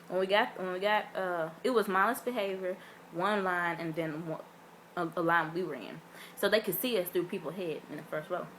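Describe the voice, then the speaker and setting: A young woman chatting straight to her camera, spinning a story with plenty of "like" and "um." She leans into the tale, her voice jumping up as she acts out what everyone said. The delivery is loose and animated, like she's talking to a friend. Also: fairly low pitch, slight background noise. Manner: animated, acts out quotes with big voice swings; chatty with many fillers. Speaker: vlogger. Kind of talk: casual storytelling vlog.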